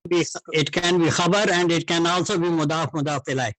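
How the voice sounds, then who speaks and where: A man's voice: a little high, fairly quick, a bit bright, no echo. A man, a student in an online class, answering hesitantly with many fillers.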